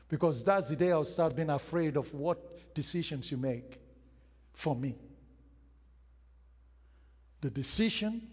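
A male pastor delivering a sermon in a fairly high, husky voice, taking his time over each phrase. He stresses points by repeating them and acting out the quotes he reads. His voice rings with the long reverb of a church hall. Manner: emphatic preaching with repeated phrases and acted-out quotes.

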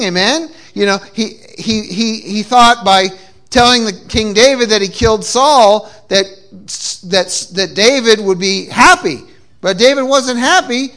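A man's voice: high voice, fairly bright tone. A man preaching a sermon with call-and-response cues and frequent repeated restarts, from New England. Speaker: pastor. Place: church.

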